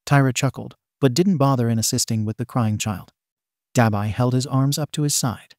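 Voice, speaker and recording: A man narrating a fan fiction story in a steady, even manner. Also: mid-range voice, fairly quick, no echo, clean studio sound.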